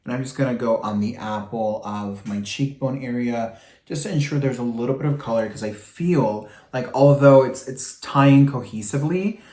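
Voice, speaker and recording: Male makeup vlogger, campy and expressive, mid-pitched, recorded in a roomy space. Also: normal speed. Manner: animated and campy, swooping pitch, calls people girl and honey. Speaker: makeup vlogger demonstrating products. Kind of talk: casual chat while doing makeup. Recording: echoey room.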